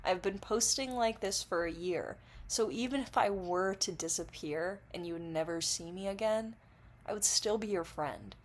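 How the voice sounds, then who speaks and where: A woman's voice: mid-range voice, moderate pace. Rambling, giggly woman vlogging while intoxicated. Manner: rambling, giggly, swears freely. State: under the influence. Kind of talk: casual rambling monologue to camera.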